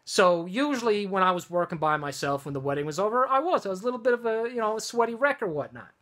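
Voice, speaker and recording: A vlogger vents to camera in a heated, swearing rant, circling back and restarting sentences. The voice is bright and forceful, pitched in the middle. It is recorded in a room at home. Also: expressive, fast. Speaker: vlogger and wedding studio owner. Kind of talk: angry profane rant to camera.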